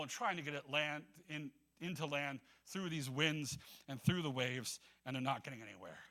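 A man's voice: a little high, bright, forceful tone. A man preaching a casual, conversational sermon, acting out the voices of biblical figures and laughing often.

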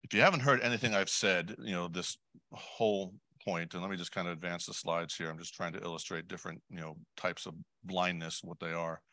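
A man preaching a sermon in a conversational way, putting questions to the congregation, adding asides and clearing his throat often. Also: deep voice, steady tone, fairly quick, sharp tone, dry recording. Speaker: lay preacher.

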